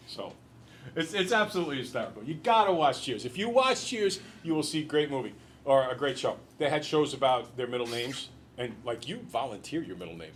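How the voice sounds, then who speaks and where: A male teacher lecturing in a classroom, telling an animated, joking story before turning back to the math. His voice is bright and forceful at a middle pitch, with a faint noise behind it. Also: fairly quick.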